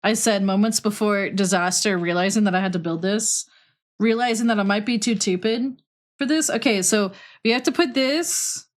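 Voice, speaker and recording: A woman's voice: medium pitch, moderate pace. A young woman streaming, chatting casually while she builds and talking to her cat in a cutesy voice.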